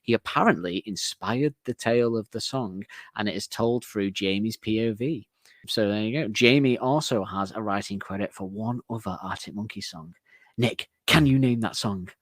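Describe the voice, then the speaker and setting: Male co-host of a music podcast, low, dry close-up sound, rambling chat with frequent laughs. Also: normal speed, no room sound. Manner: chatty and rambling, laughs often.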